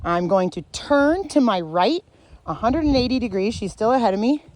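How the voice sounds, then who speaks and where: A woman's voice: fairly high pitch, animated, normal speed, a little mellow. Woman dog trainer explaining while walking. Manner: explains step by step, breaks off to praise the dog.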